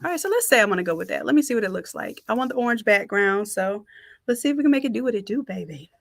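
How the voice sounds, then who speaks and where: A woman's voice: a little high, animated, quick pace, gravelly, no room sound, studio quality. A woman giving a live-streamed design tutorial, chatting with viewers and calling them y'all. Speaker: design instructor.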